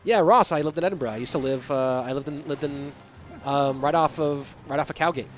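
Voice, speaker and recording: A man's voice: a little high, fairly quick, faint music behind. A man casting a live esports stream, chatting casually and answering viewer questions between plays. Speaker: esports caster and stream host. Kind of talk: live stream commentary and chat reading.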